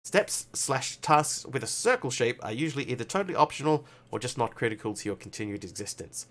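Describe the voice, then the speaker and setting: A bright, forceful male voice on a casual game livestream. He swings between relaxed chatter and hammy readings of in-game story text. His tone leaps up for excited asides. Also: mid-range voice, fairly quick. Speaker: streamer.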